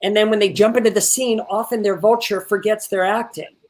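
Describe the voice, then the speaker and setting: Animated man coaching actors over a video call. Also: sits high, fairly quick. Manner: animated, swears casually, repeats words when excited. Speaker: acting teacher. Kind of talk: coaching an actor in an online workshop.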